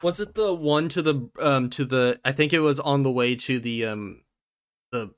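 A man at a middling pitch co-hosts a relaxed podcast. He hesitates often, searches for words, and laughs easily. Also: normal speed. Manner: hesitant, with many ums and laughs. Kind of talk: casual podcast chat.

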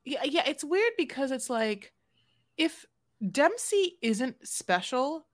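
A woman co-hosting a podcast who rants with heavy emphasis, stretching out her key words. Her voice is a little high, and the close new mic keeps the sound dry and near. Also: sing-song, no echo. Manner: emphatic, ranting, drawn-out stresses. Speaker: podcast co-host. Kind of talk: casual recap chat.

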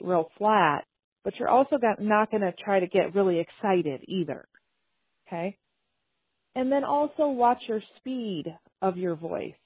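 A woman trainer giving a calm, measured talk on communication skills, acting out example phrases as she goes. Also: mid-range voice, slightly rough, no room sound. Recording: dull, slightly lo-fi dry recording.

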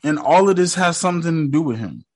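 A man's voice: on the high side, lively intonation, fast talker. A man casually recapping a TV episode in slangy, joking talk, mockingly quoting the characters. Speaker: show recap host.

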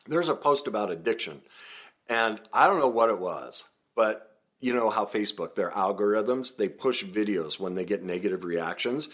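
A man hosting a casual monologue in a somewhat low voice. He laughs easily and acts out other people's comments. When he reflects, he turns calm and earnest. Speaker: podcast host and emotional recovery coach.

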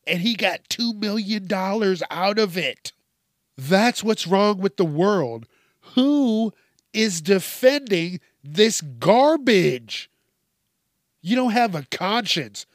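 A man's voice: on the high side, a bit bright, no echo, clean studio sound. A man hosting a podcast who reads out news stories and reacts with outraged, profanity-heavy commentary and emphatic repetition.

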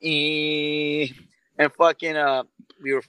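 Brief: man from Southern California, bright tense voice, slangy profane storyteller, dry mic. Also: mid-range voice, normal speed, no room sound, rough recording. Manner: slangy, swears constantly, says "fool" often. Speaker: podcast co-host. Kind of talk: crude casual storytelling.

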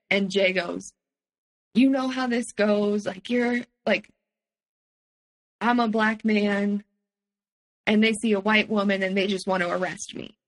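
A woman speaks as a podcast guest with a bright, forward tone. She recounts events from her own life candidly and steadily, often pausing on "um" before pressing on. Her pitch sits at an ordinary middle height for a woman. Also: poor audio. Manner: candid, steady retelling with frequent um fillers. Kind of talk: personal testimony in conversation.

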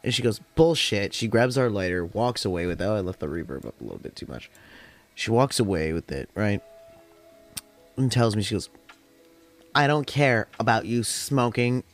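A young man hosts a podcast at home during a smoke session, with faint lo-fi jazz hop music in the background. In a low, lively voice at a fairly quick pace, he tells a long, rambling, chatty story full of swearing.

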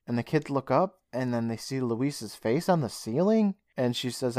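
A man's voice: medium pitch, moderate pace, no echo. Guy on a podcast chatting through an episode, mid voice, dry close sound, acts out the lines. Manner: animated retelling, acts out lines. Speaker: podcast co-host. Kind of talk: casual recap chat.

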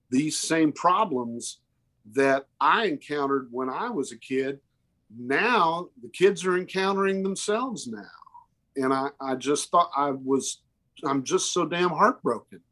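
Guy in his 50s, earnest and emotional, bit higher voice, talks in restarts. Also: expressive, slow pace, a bit bright. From Oklahoma. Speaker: musician guest. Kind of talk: candid interview storytelling.

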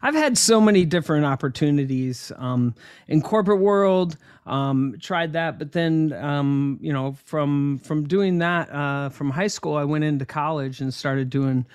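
A man being interviewed about his path as an entrepreneur, telling stories in a casual, animated way with lots of ums and restarts. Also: fairly high pitch, measured pace, clean tone.

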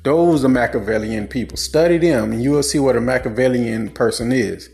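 A man's voice: medium pitch, fairly quick, gravelly, a little mellow, faint music behind. A man, lecturing bluntly and repetitively in a casual monologue full of rhetorical questions. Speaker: commentator on relationships.

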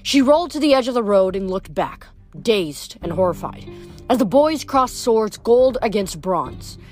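A woman reading a novel aloud in an unhurried way, with small slips and restarts. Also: fairly high pitch, expressive, a little mellow, faint music behind. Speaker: reader.

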